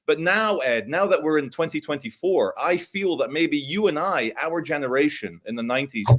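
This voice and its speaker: A man in his thirties hosting a casual conversation, relaxed and agreeable. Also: a little high, normal speed. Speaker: host.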